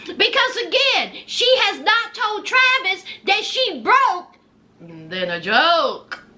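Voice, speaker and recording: A woman giving sassy, animated casual commentary on a reality show, with folksy asides. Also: very high-pitched, takes it slowly.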